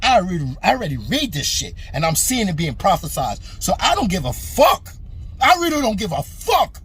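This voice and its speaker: Husky, heated man ranting about boxing. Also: sits high. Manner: heated, aggressive, repetitive and profane. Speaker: boxing commentary channel host. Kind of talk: profane opinion rant to camera.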